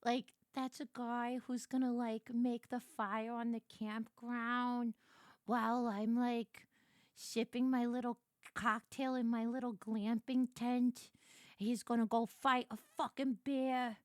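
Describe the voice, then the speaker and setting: A woman's voice: on the high side, level tone, takes it slowly, no room sound, clean studio sound. A woman streamer in casual game stream chat, giggly and gushing, swooning often.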